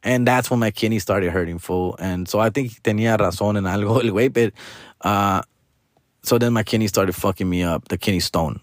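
A man's voice: on the low side, brisk, no echo, studio quality. A man in his forties with a Mexican-American accent, hosting a podcast and telling a profane, slangy story, switching between English and Spanish. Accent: Mexican-American English, code-switching to Spanish. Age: 40s. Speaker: podcast host. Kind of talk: casual storytelling monologue.

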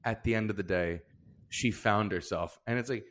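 A man's voice: on the low side, normal speed. A young man co-hosting a comedy podcast, telling stories in a loose, profane, laughing way. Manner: profane, animated storyteller, laughs often. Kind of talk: casual podcast chat.

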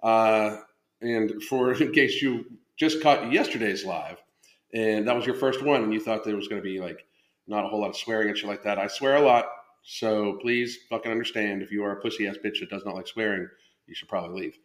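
His voice sits fairly low and he talks fairly quickly, swearing casually as he discusses his coaching on a live stream. The podcast host and fitness coach keeps stopping and restarting sentences, recorded indoors at home with noticeable room echo.

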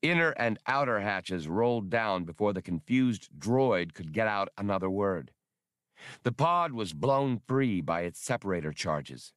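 A man narrating an audiobook with an expressive, lively reading. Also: fairly low pitch, a little slow, no echo, clean studio sound.

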